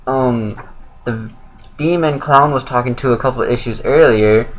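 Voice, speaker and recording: A man's voice: mid-range voice, moderate pace, low-quality recording. A young man giving a casual, rambling spoken review of a comic book, with lots of fillers and self-corrections.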